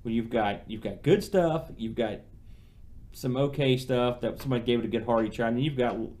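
A man's voice: medium pitch, fairly quick, a little mellow. Male podcast co-host, casual game-review chat, rambling and full of restarts. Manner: rambling, many restarts and fillers.

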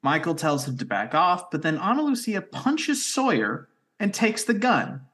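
A man co-hosting a casual podcast, recapping plot points in a quick storytelling way. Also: high voice, big pitch swings, a bit bright. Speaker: podcast co-host recapping episodes. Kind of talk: casual chat.

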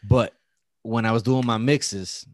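A tipsy man trading loose, swear-heavy banter as a podcast host. His voice sits at a middle pitch and is recorded very dry and close, with no room sound around it. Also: steady tone, unhurried, dry recording. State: tipsy from drinking. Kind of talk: casual chat.

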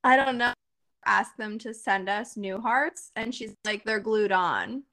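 A woman's voice: mid-range voice, a little slow, bright, forceful tone. A young woman co-hosting a podcast, telling a story in casual chat and laughing through it. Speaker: podcast co-host.

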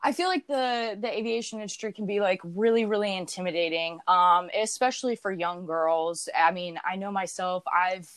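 A woman's voice: mid-range voice, normal speed, few pauses, fairly bright tone, clear, resonant tone, no echo. A young woman with a slight Southern accent, hosting a podcast in a rambling, casual way full of fillers. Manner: friendly, rambling, lots of fillers. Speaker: podcast host. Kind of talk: casual interview chat.

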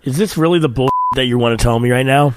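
A man's voice: medium pitch, quick pace, very noisy. Sarcastic, grumpy male co-host. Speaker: podcast co-host. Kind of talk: casual bickering podcast chat.

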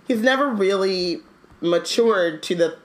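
A woman's voice: medium pitch, unhurried, slight background noise, rough recording. A woman discussing a book in a thoughtful, casual way, full of likes and ums. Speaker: podcast co-host.

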